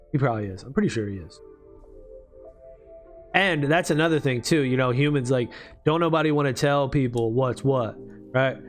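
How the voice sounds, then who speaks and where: A man ranting casually and profanely while playing a game, with faint music behind him. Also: mid-range voice. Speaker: video creator.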